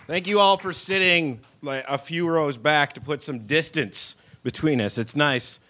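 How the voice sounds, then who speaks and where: A man's voice: fairly high pitch, a little slow, pushed and bright. A young man doing a crude, self-mocking stand-up set on a club stage. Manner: crude, self-mocking storytelling with acted-out voices. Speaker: stand-up comedian. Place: comedy club stage with live audience.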